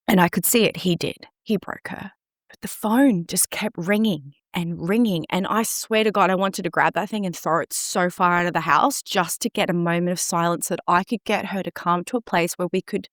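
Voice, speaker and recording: A woman's voice: fairly low pitch, dry recording, clean studio sound. A woman guest in an interview, earnestly recounting a distressing personal experience in an emotionally open way.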